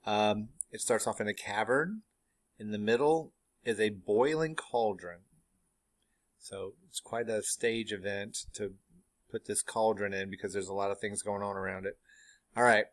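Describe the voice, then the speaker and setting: A man teaching a play, explaining it in a relaxed way with fillers and asides. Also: on the low side, measured pace. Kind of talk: casual classroom explanation.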